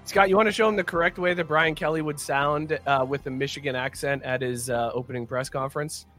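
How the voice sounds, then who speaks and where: Bright, high, upbeat male host. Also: steady tone, a little fast, faint music behind, rough recording. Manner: laughing, upbeat, steering the talk. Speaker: podcast host. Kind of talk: casual sports talk.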